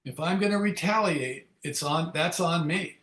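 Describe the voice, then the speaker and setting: Brief: older male speaker, pitch a little high, telling frank recovery stories in a reverberant room. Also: normal speed, a bit bright. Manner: candid storytelling, acts out quoted dialogue. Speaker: AA speaker leading a Big Book study. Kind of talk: personal recovery talk.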